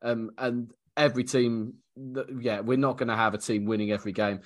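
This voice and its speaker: A man's voice: medium pitch, steady tone, fairly quick. A man co-hosting a casual sports podcast, talking through the game analytically with hesitant restarts and easy laughs. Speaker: podcast co-host.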